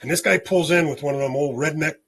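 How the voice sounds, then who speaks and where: A man guest on a spiritual podcast, telling a story in an animated way and often checking in with "okay?". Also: a little high, fast, a little hiss or hum.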